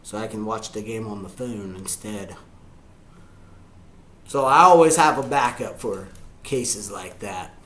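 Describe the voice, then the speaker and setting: Excitable man with a bright voice. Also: on the low side, measured pace, pauses often, reverberant, slight background noise. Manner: excitable, yells at the players, chuckles often. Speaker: sports fan reacting to a game. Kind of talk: live game reaction commentary.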